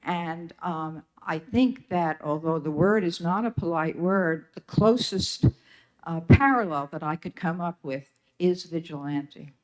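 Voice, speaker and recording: An older witness giving formal testimony at a legislative hearing, measured and deliberate with frequent pauses and ums. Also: mid-range voice.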